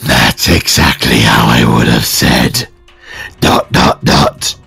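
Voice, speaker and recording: A slow, booming, gravelly growl of a voice, very rough and husky, dry close sound. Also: male voice, no echo, faint music behind, heavily acted. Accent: British. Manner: booming, slow, shouted delivery. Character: deep gravelly growling male chat-reader voice.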